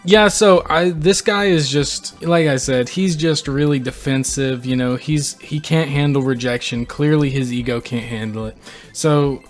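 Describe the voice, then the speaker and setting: A young man hosting a reaction video, reading posts aloud and reacting with animated disbelief. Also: mid-range voice, measured pace, faint music behind. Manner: incredulous, animated, reads quotes aloud and reacts. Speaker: channel host reading posts. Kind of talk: reaction commentary.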